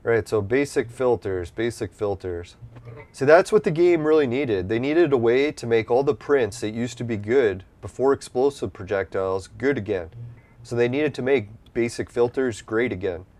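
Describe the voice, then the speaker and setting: A man's voice: medium pitch, animated, normal speed, a little mellow. A man casually commenting while playing an online game, rambling and swearing freely, with a slightly stuffy nose from allergies. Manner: rambling, profane, easygoing. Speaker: gameplay streamer.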